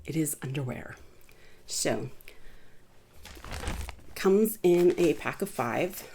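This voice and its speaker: A woman's voice: low voice, lively intonation, slow, dark tone, a little hiss or hum. A woman casually chatting through a review of items she bought, rambling a little with fillers and restarts. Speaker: vlogger reviewing purchases.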